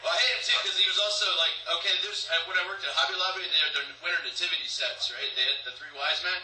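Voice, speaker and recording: A man doing a rambling live stand-up set, hopping between bits and slipping into quick put-on voices. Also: a little high, sharp tone, a little hiss or hum. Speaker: stand-up comedian. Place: comedy club stage. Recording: live room recording, echoey, mic heard from a distance.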